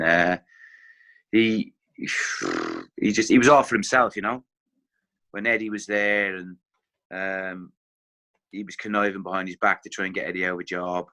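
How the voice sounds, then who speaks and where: A middle-aged man with an Irish accent, a former footballer telling animated anecdotes as a podcast guest, acting out what others said. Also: low-pitched, unhurried, pauses often. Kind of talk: casual podcast storytelling.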